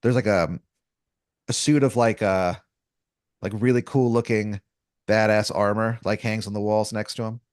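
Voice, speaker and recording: A man's voice: lowish voice, fairly even intonation, normal speed, pauses often, no room sound, clean studio sound. A man running an improvised comedy story as game master, rambling and casual with lots of fillers, restarts and crude slang.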